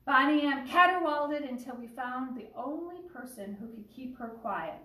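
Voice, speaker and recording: Woman teacher reading a kids picture book out loud, lively asides, fairly high voice, echoey room, a bit far from the mic. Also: normal speed. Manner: warm, animated storytelling with asides. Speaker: early childhood teacher.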